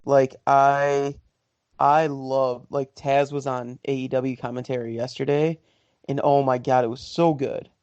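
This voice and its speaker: A man's voice: medium pitch, flat delivery, a little slow, a little mellow, clean tone, no echo. A man with a mid-range voice gives emphatic, enthusiastic opinions in casual podcast chat. The sound is dry and close, with a slightly dull, lo-fi tone. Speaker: podcast co-host.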